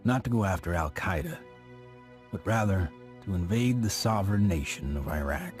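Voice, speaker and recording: A man giving a grave, measured scripted narration for a documentary. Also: deep voice, animated. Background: music.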